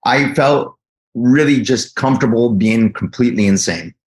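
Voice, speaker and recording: A man in his fifties, a guest actor in a casual interview, talking in a rambling, animated way with many restarts. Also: medium pitch, moderate pace. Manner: animated storytelling, acts out quotes.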